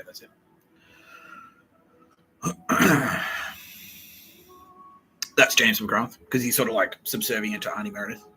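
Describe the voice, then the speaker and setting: A young man hosting a podcast, rambling through a profane, excitable solo monologue that jumps from idea to idea. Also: on the low side, slight background noise, rough recording. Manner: profane, excitable, fast-shifting and digressive. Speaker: podcast host.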